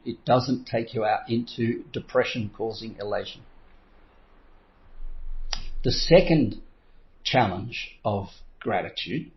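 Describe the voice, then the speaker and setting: A man's voice: medium pitch, creaky. A middle-aged man coaching in a motivational talk, telling stories and acting out his own inner voice with frequent chuckles. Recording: slightly dull lo-fi recording.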